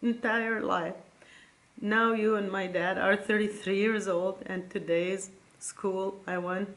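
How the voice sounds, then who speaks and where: A middle-aged woman reading old letters from her sons aloud, tender and halting, close to tears. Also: medium pitch, steady tone, a bit bright. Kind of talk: emotional casual vlog reading.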